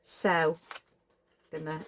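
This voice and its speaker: A woman's voice: low voice, flat delivery, drawn-out words, slight background noise. A middle-aged woman, casually demonstrating a papercraft build, chatty and apologetic and prone to tangents. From Cheshire, England. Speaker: papercraft tutorial host.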